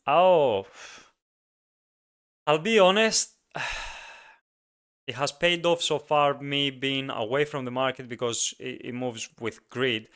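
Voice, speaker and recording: A man's voice: mid-range voice, slow, pauses often, a bit bright, clean tone. A man hosting a casual solo podcast, speaking emphatically and ranting with frequent repeats. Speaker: podcast host.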